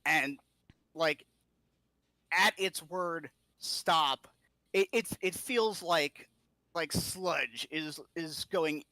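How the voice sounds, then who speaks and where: A man player describing his character's actions, halting and searching for words. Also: on the high side, bright, forceful tone, no room sound.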